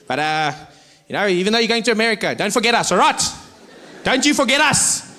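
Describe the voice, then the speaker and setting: A pushy, friendly South African well-wisher, put on by a comedian pleads and nags in a high, raised voice. Every request ends on an insistent tag question. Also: male voice, big pitch swings, brisk, sharp tone, heavily acted. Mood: pleading.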